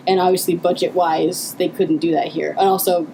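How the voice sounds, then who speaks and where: A woman's voice: on the low side, steady tone, normal speed, background noise. A woman co-hosting a casual commentary podcast, talking eagerly with many fillers and restarts. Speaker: co-host.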